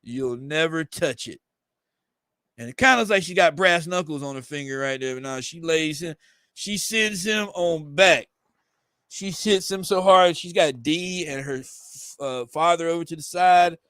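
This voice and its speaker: A man's voice: on the high side, moderate pace, fairly bright tone, no room sound, clean studio sound. Rambling man reading a comic aloud. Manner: rambling, hesitant, with fillers and self-corrections. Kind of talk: casual reaction commentary.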